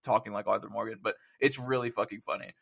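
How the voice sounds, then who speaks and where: A man co-hosting a casual gaming podcast, animated and profane, acting out quotes in a loud voice. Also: on the low side, fast talker, gravelly. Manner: animated, swearing, acts out quotes loudly. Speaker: podcast co-host.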